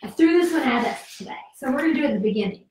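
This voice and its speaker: Speaking very fast with lively intonation, a woman with a high, slightly mellow voice guides children through yoga, cheering, coaxing, and counting out the moves. Slightly breathless from the exercise, she sounds distant in an echoey room, with a little background noise.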